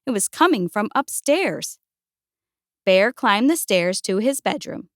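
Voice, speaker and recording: A woman gently and expressively reading a picture book aloud. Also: mid-range voice, lively intonation, takes it slowly, dry recording, clean studio sound. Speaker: storyteller.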